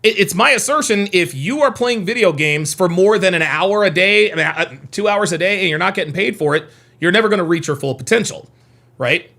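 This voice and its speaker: A man's voice: sits high, lively intonation, fairly quick, vocal fry, sharp tone. A man in his forties chatting casually on a live stream, rambling, repeating himself and reading chat comments aloud. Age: 40s. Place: home near Reno.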